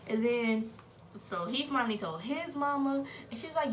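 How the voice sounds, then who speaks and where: A young woman casually telling a personal story in an animated, dramatic way. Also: on the high side, a little slow, long pauses, slight background noise. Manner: animated, dramatic, laughing retelling.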